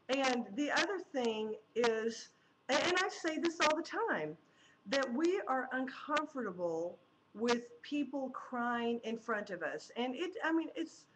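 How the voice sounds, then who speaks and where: A woman hosting a talk show, agreeing emphatically and giving gentle advice. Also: fairly high pitch. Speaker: host. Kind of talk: casual talk show chat. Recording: noisy background hiss.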